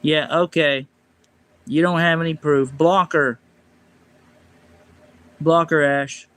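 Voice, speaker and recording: This livestreamer, a man on a phone or desk mic, has a slightly high voice with fairly even intonation and a clear, resonant tone, and he speaks slowly. Rambling casually through a long personal story, he stays quiet. He snaps back at chat in a louder, sharper way.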